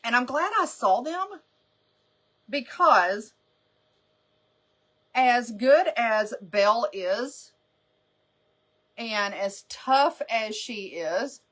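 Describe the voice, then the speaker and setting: A woman's voice: fairly high pitch, lively intonation, extremely slow, long pauses, fairly bright tone. A woman hosting a live makeup stream, chatting casually and rambling through stories with frequent laughter. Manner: rambling, chatty storyteller who laughs often.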